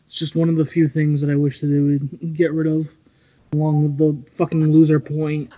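A man's voice: fairly high pitch, monotone, moderate pace, warm tone, no room sound, muffled recording. A man on a podcast panel in casual chat, blunt, exasperated and sweary.

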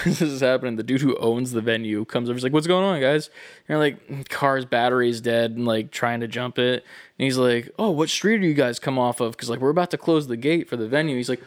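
A young man casually telling a long story, animated and profane, acting out the people in it. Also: medium pitch, brisk, no room sound, studio quality. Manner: animated, swearing, acts out voices in his stories.

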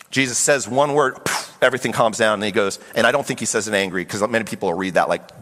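A middle-aged man preaching a sermon as pastor, animated and acting out voices of Bible figures. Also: mid-range voice, fast talker, few pauses. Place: church sanctuary. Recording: long hall reverb.

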